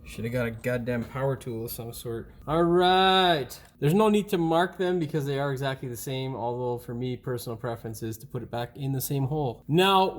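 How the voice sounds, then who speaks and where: A man hosting a hands-on car repair tutorial, talking in a casual, blunt and mildly profane way, recorded on a camera mic in a garage workshop. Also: mid-range voice. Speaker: mechanic and channel host.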